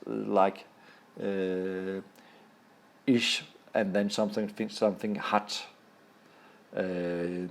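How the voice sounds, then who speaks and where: Man, Danish accent, native Danish speaker, teacher explaining slides, lowish voice, very slow, halting. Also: darkish tone. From Denmark. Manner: halting, pausing often to find words. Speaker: language teacher. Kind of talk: explaining a lesson over slides.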